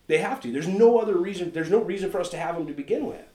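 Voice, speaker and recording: An emphatic American man arguing his point in casual chat, often repeating himself and stumbling over words. His voice is fairly high for a man and rings in an echoey room. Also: lively intonation, racing, dark tone.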